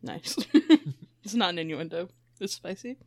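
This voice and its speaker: A woman's voice: mid-range voice, lively intonation, moderate pace, a bit bright, no echo. A woman co-hosting a podcast in casual chat, joking and poking fun at herself, speaking into a studio microphone. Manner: joking, self-mocking, wry. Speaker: podcast co-host.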